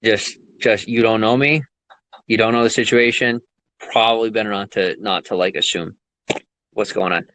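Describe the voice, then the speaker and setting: A man's voice: fairly even intonation, moderate pace, no room sound. Angry, swearing young man, dry sound. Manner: angry, profane, swings from low muttering to loud high outbursts; rambling with restarts. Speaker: vlogger. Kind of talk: emotional unscripted rant to viewers.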